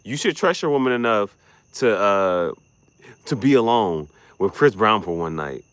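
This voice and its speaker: A man giving casual, joking livestream commentary, profane and quick to laugh. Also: lowish voice, animated, a bit bright, dry recording. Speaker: streamer.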